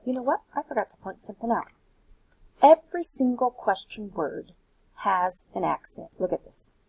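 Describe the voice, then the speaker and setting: A woman's voice: mid-range voice, sing-song, moderate pace, a little mellow, slightly rough, no echo, low-quality recording. A woman teaching Spanish, explaining a worksheet step by step and asking rhetorical questions. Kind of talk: recorded worksheet lesson.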